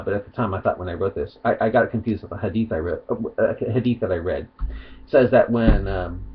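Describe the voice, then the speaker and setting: Husky man with a lively, rambling delivery. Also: lowish voice, lo-fi sound. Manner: rambling, argumentative, many restarts. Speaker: video commentator. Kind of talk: casual vlog monologue, reading aloud.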